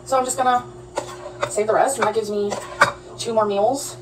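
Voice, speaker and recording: A woman's voice: fairly high pitch, fairly even intonation, normal speed, recorded from a distance, over loud music. A woman rambling chattily to her viewers in a casual cooking and eating vlog. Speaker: vlogger. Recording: noisy audio from off-mic.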